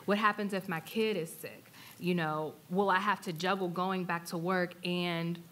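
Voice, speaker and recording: A young woman on a panel sharing her story in an earnest, plain-spoken way, pausing with fillers. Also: fairly low pitch, fairly even intonation, fairly bright tone. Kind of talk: personal testimony on a panel.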